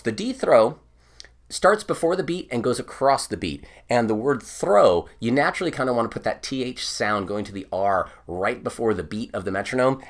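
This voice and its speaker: Low-voiced man teaching bagpipe counting. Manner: patient, explains step by step, sings counts aloud. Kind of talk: online music lesson.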